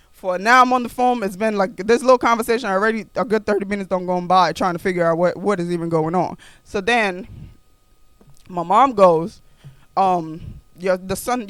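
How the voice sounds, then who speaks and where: Animated New woman telling a story. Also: mid-range voice, no room sound. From New York. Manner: animated, repeats phrases for emphasis. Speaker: podcast host. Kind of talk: personal storytelling podcast.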